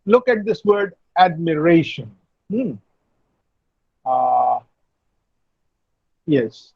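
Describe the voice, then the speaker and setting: A man lecturing an online class, explaining slowly, repeating and spelling out words. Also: fairly high pitch, very animated, darkish tone, dry recording, lo-fi sound. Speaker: university lecturer. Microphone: video call.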